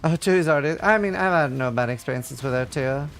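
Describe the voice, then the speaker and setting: A man's voice: fairly high pitch, fast talker, creaky, a bit bright, a little hiss or hum. A man streaming a game and chatting casually with viewers, rambling and full of filler words. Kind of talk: casual livestream chat while gaming.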